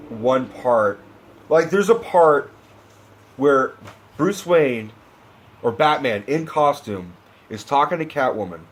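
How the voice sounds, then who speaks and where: Man ranting profanely about a film. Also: mid-range voice. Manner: profane, exasperated, animated ranting with mocking impressions. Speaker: film review vlogger. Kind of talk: ranting movie review.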